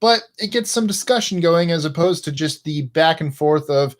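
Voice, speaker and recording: A man's voice: a little high, animated, normal speed, hardly any pauses. A man co-hosting a casual live stream, chatting with his partner and reading out viewer messages. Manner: chatty, reads out viewer super chats.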